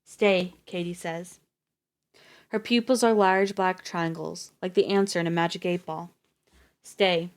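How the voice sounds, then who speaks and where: A woman reading a novel aloud on a live stream, steady with the odd slip and restart. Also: on the low side, normal speed.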